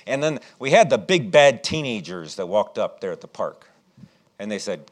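A middle-aged man preaching a sermon and telling a childhood story, animated and acting out what people said. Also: on the low side, normal speed. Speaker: pastor.

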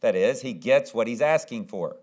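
A man's voice: mid-range voice, lively intonation, moderate pace, a little mellow. A man preaching a sermon who often acts out the pleading voices of the people in his story. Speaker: pastor.

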